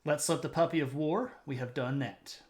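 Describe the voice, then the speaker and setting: A man's voice: moderate pace, darkish tone. A man hosting a history live stream, chatting casually with many fillers and laughs. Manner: high sing-song voice talking to his puppy. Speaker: livestream history show host. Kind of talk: casual livestream chat.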